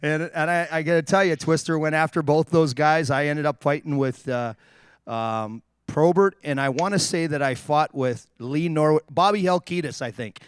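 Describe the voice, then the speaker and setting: A man, a former hockey player, telling animated stories on a live stream and acting out the people he quotes. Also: fairly high pitch, normal speed, smooth, no room sound, clean studio sound. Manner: animated anecdotes, acts out quotes.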